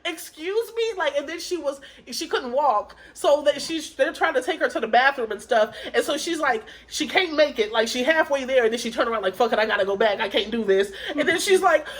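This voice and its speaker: A woman with a fairly high voice tells a rambling, profane story as a podcast co-host. She laughs easily and acts out the quotes of the people in her story. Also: a little fast, hardly any pauses. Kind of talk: casual podcast chat.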